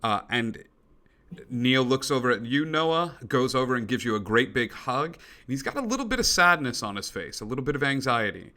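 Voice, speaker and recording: A man running a tabletop game as game master, narrating in a halting way with many pauses. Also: mid-range voice, very animated, sharp tone.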